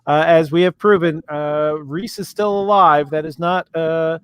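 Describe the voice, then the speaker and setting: A man moderating a live comedy debate stream, pausing often with filler sounds. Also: fairly high pitch, steady tone, clear, resonant tone, no echo. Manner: hesitant, many filler sounds.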